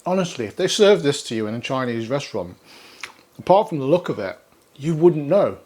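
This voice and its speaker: A man's voice: medium pitch, very animated, a little fast, a little mellow. A man hosting a casual cooking demonstration in a kitchen, chatty and upbeat, with easy laughter. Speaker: cooking show host.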